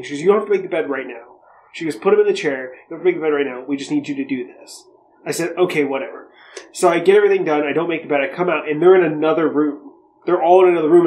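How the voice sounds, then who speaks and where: A man's voice: on the high side, rough recording. A man co-hosting a podcast, telling stories in casual chat with a joking, sarcastic edge and frequent swearing. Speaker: podcast co-host.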